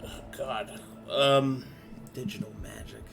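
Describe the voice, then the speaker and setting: A man's voice: medium pitch, fairly even intonation, takes it slowly, creaky. A man running an online tabletop game as game master, talking casually, thinking aloud with fillers and the odd swear.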